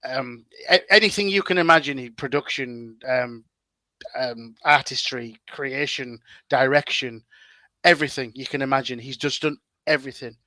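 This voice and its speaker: A man's voice: medium pitch, moderate pace, sharp tone, dry recording. A man, chatting as a guest content creator in a casual interview, full of fillers and restarts.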